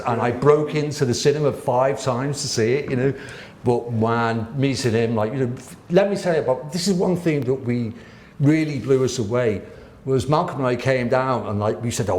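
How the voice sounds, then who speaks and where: A man, a guest telling lively, laughing stories with the odd swear word in a casual interview. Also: medium pitch, normal speed. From Wirral, England. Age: 60s. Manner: animated, laughing, swearing raconteur. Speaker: guest artist. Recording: roomy echo.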